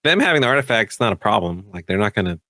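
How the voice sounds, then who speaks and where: Low-voiced rambling man, dry sound. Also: sing-song, rapid-fire, sharp tone, no room sound. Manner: rambling, many "like" fillers and restarts. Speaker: tabletop game player. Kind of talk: casual chat about a tabletop campaign.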